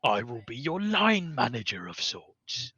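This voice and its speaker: Stout goblin bureaucrat voiced by a man, chummy, calls the party lads, bright dry sound. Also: medium pitch, sing-song, a little slow, husky, no echo, dull audio, full character voice. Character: stout fussy male goblin middle manager.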